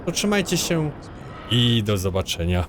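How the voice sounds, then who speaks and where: A man giving casual let's-play commentary as a gaming streamer, with relaxed, offhand remarks. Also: mid-range voice, normal speed, noisy background.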